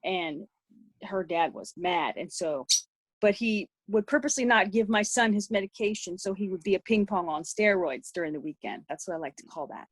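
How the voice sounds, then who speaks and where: Woman, middle-aged, podcast guest, raspy, rambling story, dry sound. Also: on the low side, expressive, moderate pace, no echo. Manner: rambling, with many restarts. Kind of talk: personal story in an interview.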